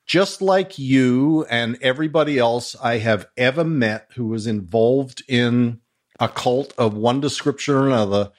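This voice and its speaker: An older man with an Australian accent talks slowly and deliberately as a podcast guest. His tone is reflective and measured, with a dry wit underneath. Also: medium pitch. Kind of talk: casual interview chat.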